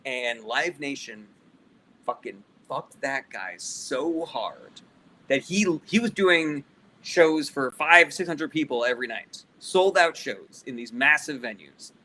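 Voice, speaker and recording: Man, stand-up comic, casual livestream chat, bright forceful tone, swears freely, reads chat aloud. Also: mid-range voice, sing-song, moderate pace, a little hiss or hum, rough recording. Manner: loose, profane, reads chat questions aloud. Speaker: comedian answering live chat questions.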